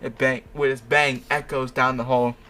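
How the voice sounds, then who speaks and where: A man's voice: medium pitch, flat delivery, moderate pace, pushed and bright. A man hosting, reading fanfiction aloud with mocking asides, laughing often and tripping over his words. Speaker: host.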